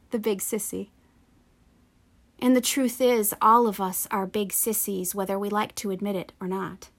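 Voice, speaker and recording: Woman pastor preaching a sermon. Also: mid-range voice. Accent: Pennsylvania. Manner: measured, earnest preaching.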